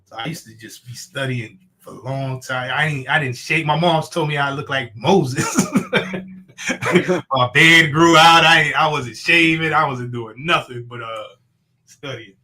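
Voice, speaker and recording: A man hosting a casual chat stream, animated and emphatic. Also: medium pitch, a little slow. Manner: animated, laughs often, emphatic.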